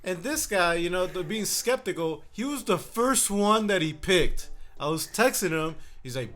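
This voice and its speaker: A man's voice: high-pitched, big pitch swings, moderate pace, hardly any pauses, a bit bright. A man co-hosting a sports podcast, telling stories in a loose, profane, rambling way with lots of restarts. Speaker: podcast co-host. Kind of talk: casual sports chat.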